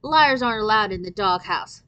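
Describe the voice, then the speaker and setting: A woman reading aloud and voicing a strong-willed sixth-grade girl who shouts fierce insults. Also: medium pitch, expressive, normal speed, clean tone, no echo, lo-fi sound. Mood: furious.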